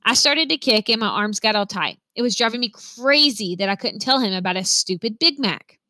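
A woman reading a novel aloud, telling the story in an expressive first-person voice. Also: a little high, brisk, no room sound. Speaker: reader.

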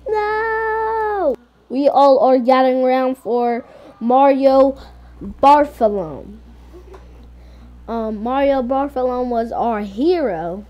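A woman telling a casual game role-play story in a rambling, hesitant way with many pauses. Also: sits high, dull audio.

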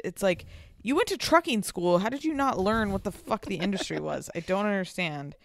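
A woman's voice: medium pitch, expressive, normal speed. A young woman co-hosting a casual podcast, blunt and profane, ranting animatedly about a reality show. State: pregnant. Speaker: podcast co-host. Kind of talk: casual chat.

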